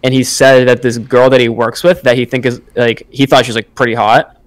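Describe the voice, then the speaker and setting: A young man co-hosting a podcast in loose, casual chat. He rambles through a long story, full of filler words and slang, at a middling pitch for a man. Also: little pitch movement, a little fast. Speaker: podcast co-host.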